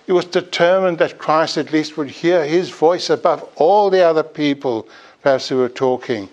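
A man's voice: fairly high pitch, moderate pace, darkish tone, highs cut off. A man preaching a sermon, earnestly urging his listeners and pleading with rising emphasis.

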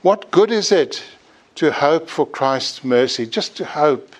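A man's voice: fairly high pitch, expressive, slow. A man preaching a sermon, earnestly urging his listeners and pleading with rising emphasis.

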